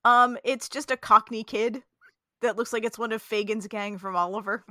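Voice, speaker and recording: A woman co-hosting a casual sports podcast with a bright, clear voice, tossing in quick jokes. The sound is dry and close to the mic. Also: a little high, steady tone, dry recording. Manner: quick joking interjections. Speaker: podcast co-host.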